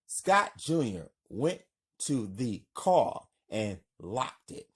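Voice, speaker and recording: A man's voice: mid-range voice, big pitch swings, very slow, breathy edge. A man reading his own drama script aloud with stage directions, in a plain, unpolished way.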